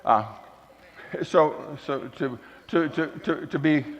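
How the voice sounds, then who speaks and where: A man preaching a folksy sermon at a church, moving between loud emphasis and quiet asides. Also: a little high, slow pace. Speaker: guest speaker at a church. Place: church hall. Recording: dull recording with long hall reverb.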